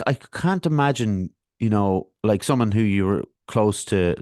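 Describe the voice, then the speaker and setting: A man's voice: lowish voice, animated, moderate pace, darkish tone, no echo, clean studio sound. A man hosting a podcast, asking easygoing, rambling questions with lots of fillers. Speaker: podcast host. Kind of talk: casual interview chat.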